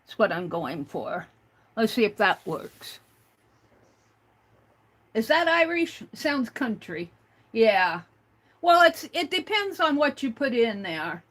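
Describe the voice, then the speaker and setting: A woman's voice: fairly high pitch, very animated, slow pace, long pauses, a bit bright. A woman hosting a casual livestream, chatting with viewers, reading their comments aloud and spelling out words letter by letter. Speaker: livestream host.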